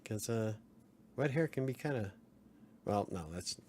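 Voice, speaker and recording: A man's voice: lowish voice, animated, measured pace, darkish tone, a little hiss or hum. A man hosting a casual late-night livestream, rambling, chuckling and answering chat comments. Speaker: livestream host.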